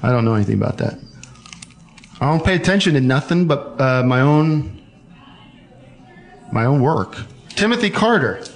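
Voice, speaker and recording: A man hosting a comedic call-in show, deadpan and mock-pompous with callers. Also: mid-range voice, moderate pace, long pauses, faint music behind. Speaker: host.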